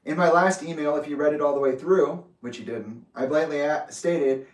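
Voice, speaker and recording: A man reading his own letter aloud with asides, in a measured, deliberate way. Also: on the high side. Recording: roomy echo, distant from mic.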